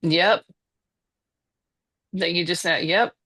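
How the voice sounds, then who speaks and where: A woman's voice: lowish voice, fairly even intonation, slow, bright, forceful tone. A woman in her fifties with a Southern American accent, talking as a podcast guest in a hesitant way, full of restarts and fillers. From Southern United States. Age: 50s. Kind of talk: casual conversation.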